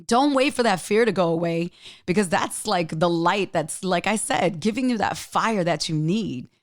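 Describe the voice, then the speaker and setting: A woman's voice: lowish voice, lively intonation, moderate pace, no room sound, clean studio sound. A woman hosting her own podcast, talking earnestly and emphatically straight to the listener in a motivational solo talk, getting choked up with emotion. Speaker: podcast host.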